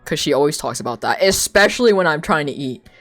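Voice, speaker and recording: A young woman streamer tells rambling stories in casual chat, and she laughs often. Her voice sits a little low but moves in lively swings of pitch. Faint music plays behind her. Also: fast talker. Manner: rambling storytelling with frequent laughter and filler words.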